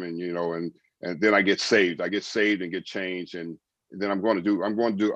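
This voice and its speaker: Deep-voiced middle-aged male guest, earnest testimony, dry, slightly muffled sound. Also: dry recording. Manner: earnest storytelling, repeats phrases, quotes God and others. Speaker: guest, former baseball player and evangelist. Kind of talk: testimony in a podcast interview.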